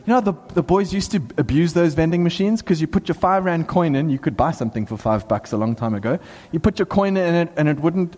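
A man preaching to a handful of people in a hall, his high voice leaping up and down as he presses his point. A long reverb hangs behind every phrase. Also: fast, hardly any pauses. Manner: animated, bursts into excited shouts and laughs. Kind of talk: sermon. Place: small hall with a few people.

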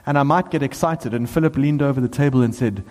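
A man preaching a sermon to a small gathering, talking with lively excitement and bursts of emphasis. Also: mid-range voice, fast. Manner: animated, bursts into excited shouts and laughs. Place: small hall with a few people. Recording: long hall reverb.

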